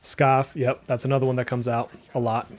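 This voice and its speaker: A man's voice: mid-range voice, little pitch movement, fast, a little mellow, soft background music. A man from Massachusetts with a speech impediment and a mild Massachusetts accent that slips through on some words, giving rambling, casual live-stream commentary while he plays, full of "like" fillers. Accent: mild Massachusetts, slipping through on some words. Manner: chatty and rambling, many "like" fillers, reacts aloud to the game. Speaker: game streamer.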